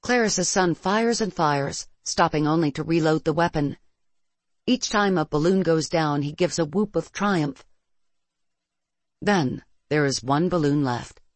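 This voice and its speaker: A narrator reading a first-person science-fiction story in a steady, measured way. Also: medium pitch, no room sound.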